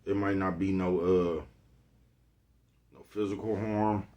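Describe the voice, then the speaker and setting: The dull audio carries a relaxed vlogger speaking slowly in a deep, low voice. He offers his viewers a loose motivational talk directly, returning often to the line "you know what I'm talking about."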